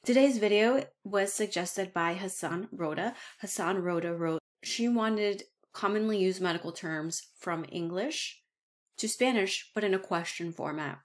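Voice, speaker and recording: A middle-aged nurse educator with a medium-pitched voice teaches medical phrases in an online lesson. She slows down and repeats each phrase so learners can follow.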